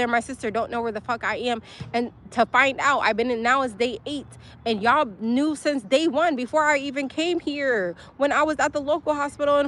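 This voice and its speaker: A woman's voice: high-pitched, fairly bright tone, a little hiss or hum. A young woman, venting angrily in a profane, emotional personal vlog. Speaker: livestream host.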